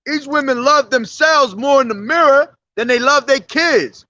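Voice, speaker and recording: A man's voice: very high voice, a little slow, sharp tone, no echo, lo-fi sound. A man preaching on the street in a blunt, profane, confrontational way.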